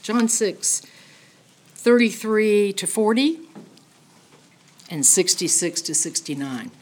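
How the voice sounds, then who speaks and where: A middle-aged woman teaching a Bible study in an animated, emphatic, conversational way, often checking in with "okay?". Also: medium pitch, slow, slight background noise.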